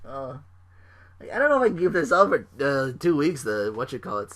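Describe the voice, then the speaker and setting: A man's voice: medium pitch, very animated, moderate pace, fairly bright tone. A man hosting a solo podcast, rambling with lots of "like" fillers and restarts. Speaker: podcast host.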